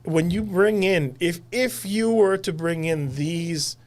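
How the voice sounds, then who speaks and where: A man's voice: sits high, takes it slowly. Emphatic guest man, political chat. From Puerto Rico.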